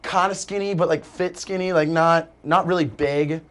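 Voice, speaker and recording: A man's voice: a little high, moderate pace. Rambling young man telling a story. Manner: animated, rambling, full of "like". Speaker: guest. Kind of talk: casual storytelling chat.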